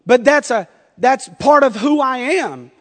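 High-voiced Southern pastor in a hall. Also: male voice, lively intonation, a little slow, fairly bright tone. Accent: Southern US, North Carolina. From North Carolina, US. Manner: humorous storytelling with frequent laughter. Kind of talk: sermon.

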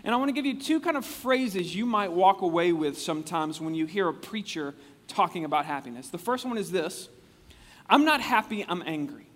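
High-voiced man preaching in a big hall. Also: fairly quick. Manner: animated, chatty, acts out quotes with frequent restarts. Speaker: pastor. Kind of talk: conversational sermon. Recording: long reverb of a large hall.

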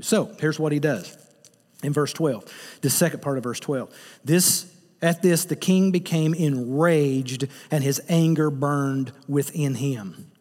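Male pastor, sermon delivery, animated and humorous, slightly high voice, long hall reverb. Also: slow pace. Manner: animated, joking storyteller.

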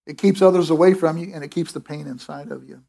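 A man's voice: fairly high pitch, steady tone, fast talker, vocal fry, mellow. A middle-aged man preaching a sermon in an emphatic, conversational way, with restarts and asides. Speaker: pastor.

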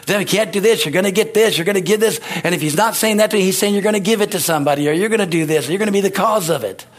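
A pastor with a high-pitched, slightly rough voice delivers a rousing sermon. In call-and-response style, he shouts amens and hallelujahs between his points.

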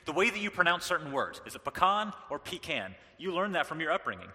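A middle-aged man from the American South giving a lively, joking sermon as a pastor. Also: fairly high pitch, fast talker, long reverb tail. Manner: animated, joking, with playful impressions.

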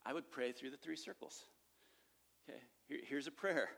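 A man delivering a sermon in a relaxed, conversational teaching voice. He circles back to key points and keeps checking that listeners follow. His pitch sits in an ordinary middle range. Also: moderate pace, gravelly. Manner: conversational, repeats points with frequent "okay?" check-ins. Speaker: pastor teaching evangelism.

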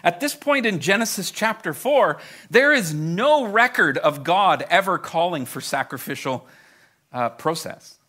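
A man preaching a sermon with a bright, ringing tone and a pitch that swings widely up and down. He speaks to a live congregation in a conversational way and often doubles words as he starts a new thought. His voice sits a little above the usual male range. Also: animated, measured pace. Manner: addresses a live congregation directly. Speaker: pastor.

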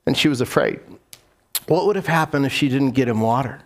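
A man's voice: medium pitch, a little fast. A man preaching a sermon as pastor, repeating key phrases for emphasis and putting questions to his congregation.

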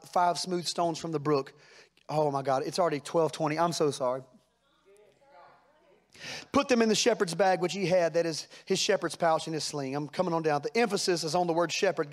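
High-voiced preacher, fervent and folksy. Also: male voice. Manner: preaching with rising fervor, rhetorical questions; folksy, plain-spoken church talk. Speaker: pastor. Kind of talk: sermon.

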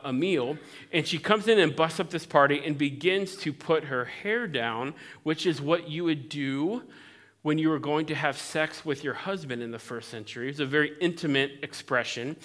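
A man preaching a sermon as pastor, conversational and animated, acting out the voices of people in the story he tells. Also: fairly high pitch. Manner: animated, conversational, acts out voices in Bible quotes.

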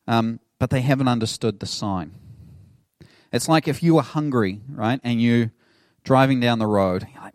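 A middle-aged man preaching a sermon as a pastor, his tone easy and conversational as he acts out the people in the story. The sound is dry and close, with little room around it. His pitch sits in an ordinary middle range. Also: normal speed, no room sound. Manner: conversational, animated storytelling with laughs.

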